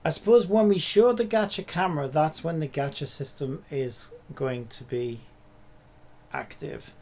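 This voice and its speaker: Casual male streamer, slightly high, gravelly voice, rambling think-aloud delivery, faint typing behind. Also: measured pace, a little mellow. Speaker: streamer and indie game developer. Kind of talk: casual live-stream commentary while coding.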